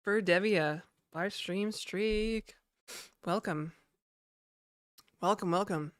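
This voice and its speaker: A woman's voice: mid-range voice, takes it slowly, no room sound, studio quality. A woman streamer chatting casually to her viewers live, venting and swearing a lot.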